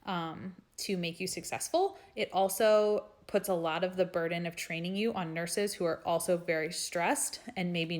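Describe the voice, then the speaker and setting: A young adult woman, a nurse practitioner, reading out viewers' questions in a live stream and answering them in a frank, chatty way. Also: fairly low pitch. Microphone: phone or webcam for a live stream.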